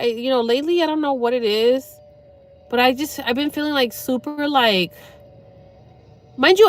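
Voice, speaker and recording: A young woman talking to her viewers about something painful, rambling and swearing, pausing to sigh and close to tears. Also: on the high side, a bit bright. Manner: rambling, sweary, halting with sighs. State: near tears. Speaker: livestreamer. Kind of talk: emotional personal talk to viewers.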